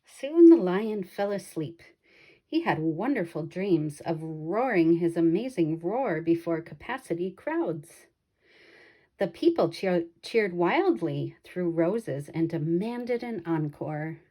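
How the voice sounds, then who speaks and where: A woman reading a children's picture book aloud in a slow, expressive way. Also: fairly low pitch. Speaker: storybook reader.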